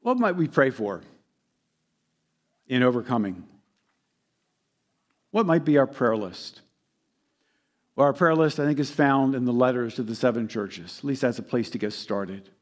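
A man's voice: medium pitch, animated, unhurried, pauses often. Man preaching with sweeping dynamics. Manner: dynamic preaching, swelling loud then dropping soft. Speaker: pastor. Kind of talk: sermon.

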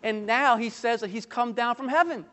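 A man's voice: very high-pitched, normal speed, sharp tone, in a large hall. A male pastor preaching a sermon, emphatic and full of rhetorical questions to the congregation, with light humorous asides.

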